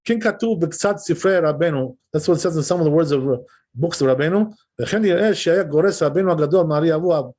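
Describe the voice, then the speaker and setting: Quick-paced and lively in intonation, with a fairly high pitch and darkish tone, a man teaches a text class as a rabbi. He reads and translates passages, explaining them casually and regularly checking in with those listening.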